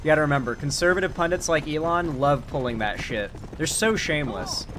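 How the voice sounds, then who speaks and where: Chatty Floridian man, fairly high voice. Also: fairly quick, background noise. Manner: loose, chatty, swears casually. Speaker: streamer and political commentator. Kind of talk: casual commentary while gaming.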